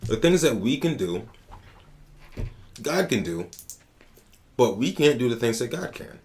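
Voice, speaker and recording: A man hosting a casual podcast who tells stories in an animated, slangy way, with lots of profanity. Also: mid-range voice, a little slow. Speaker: podcast host.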